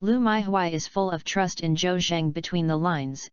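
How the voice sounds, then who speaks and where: A woman narrating a novel audiobook in a plain, even reading manner. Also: lowish voice, moderate pace, clean tone, no room sound, muffled recording.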